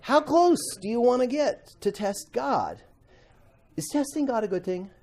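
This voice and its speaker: A man teaching a Bible class to students, animated, acting out quotes and asking the class questions. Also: very high-pitched, unhurried.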